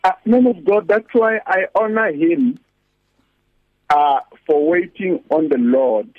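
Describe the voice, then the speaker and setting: A man's voice: sits high, slow, dry recording. A man, a pastor and guest on a radio talk show, preaching earnestly and repeating scripture lines for emphasis over a phone line. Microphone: phone call-in.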